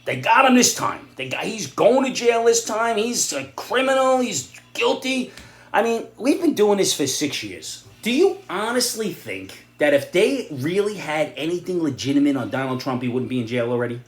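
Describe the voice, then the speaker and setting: A middle-aged man rants in a blunt, sarcastic monologue, his pitch swinging widely from low grumbles to sharp, loud jabs. He speaks in an echoey room. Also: big pitch swings, moderate pace. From New York area. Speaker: vlogger giving opinions and advice. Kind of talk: ranting opinion monologue.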